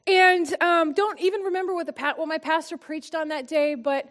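A woman with a high voice gives a personal testimony and teaching at a church gathering. She speaks earnestly and from the heart, letting her voice sink soft and quiet to stress a point. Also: fairly even intonation, a little fast. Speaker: church small-group speaker.

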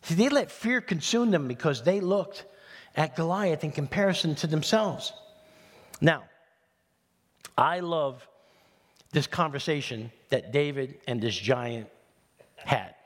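A man pastor from New City, preaching in an animated, conversational way with humorous asides. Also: on the high side, slow pace, pauses often. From New York City. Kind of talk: sermon. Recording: long hall reverb.

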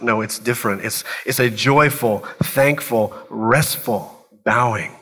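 A man's voice: medium pitch, measured pace, few pauses, a bit bright, slightly rough, long reverb tail, low-quality recording. A man preaching a sermon in a church, earnest and building his points with short repeated phrases. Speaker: pastor.

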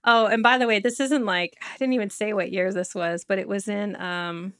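A woman's voice: mid-range voice, fairly even intonation, normal speed, a bit bright, smooth. A woman co-hosting a casual podcast, reading out facts and joking between them with frequent laughs. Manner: chatty, laughs often, reads facts then jokes. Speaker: podcast co-host. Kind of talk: casual chat.

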